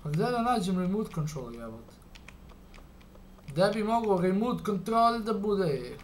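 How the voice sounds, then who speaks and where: A young man from Serbia with a Serbian accent, commentating a game playthrough, excitable and swearing, reading game lines aloud. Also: sits high, unhurried, a little hiss or hum. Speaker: gamer. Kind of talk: let's play commentary.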